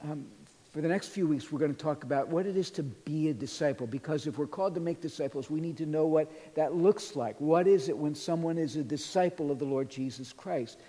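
A pastor preaching a sermon in a church, earnestly retelling scripture and quoting it in a softer voice. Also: male voice, fairly high pitch, brisk. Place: church sanctuary. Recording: long reverb of a large hall.

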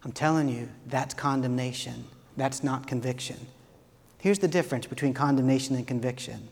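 A man's voice: mid-range voice, normal speed, vocal fry. Impassioned male pastor in a reverberant hall. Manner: earnest, builds from soft to loud and impassioned. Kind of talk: sermon.

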